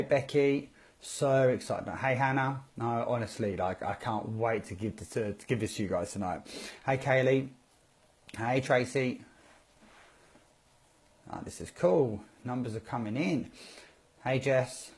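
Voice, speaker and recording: An upbeat man hosting a casual live stream, talking straight into his phone or webcam. His pitch sits in an ordinary middle range, and his chatter is loose and rambling, with quick friendly hellos scattered through it. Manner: upbeat, greets viewers by name, rambling. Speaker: network marketing presenter. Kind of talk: casual Facebook Live talk.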